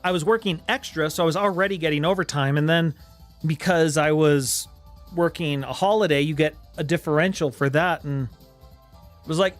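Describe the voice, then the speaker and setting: A man's voice: a little high, normal speed, soft background music. A man hosting a game stream, telling a funny work story casually and acting out the people in it. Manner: animated storyteller, voices the people in his tale. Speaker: streamer host.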